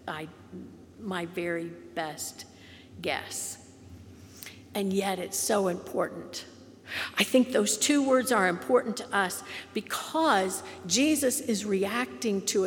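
Slow-speaking woman pastor in a reverberant hall. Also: medium pitch, a little hiss or hum. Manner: slow, gentle, drops to soft whispers on quoted lines. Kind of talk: sermon.

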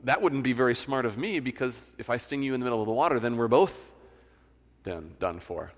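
A man voicing a calm scorpion, reasoning in a matter-of-fact way. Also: medium pitch, fairly quick, in a large hall, natural voice. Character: calm, cunning male scorpion.

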